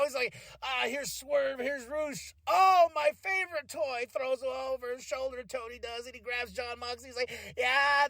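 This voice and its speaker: A man hosting a podcast, reviewing a wrestling show in an excitable, profane, casual way and acting out voices. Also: high voice, no room sound, studio quality. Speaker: podcast host.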